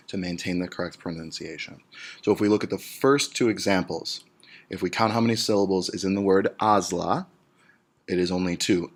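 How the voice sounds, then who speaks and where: A deep-voiced male teacher talks through a grammar lesson in a steady, patient way. He works through each example step by step and draws out the key words slowly so students can follow. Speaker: Spanish teacher.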